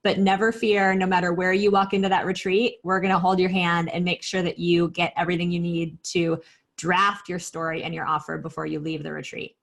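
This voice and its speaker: A woman's voice: on the low side, flat delivery, brisk, gravelly. A woman co-hosting a business training call, speaking in an enthusiastic, chatty and reassuring way. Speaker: co-host of a business program.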